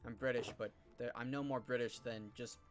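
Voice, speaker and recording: Man, from California, stream host, middle pitch, rambling casual chat, lots of fillers. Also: steady tone, fairly quick. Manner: rambling, filler-heavy and thinking aloud. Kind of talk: casual chat while gaming.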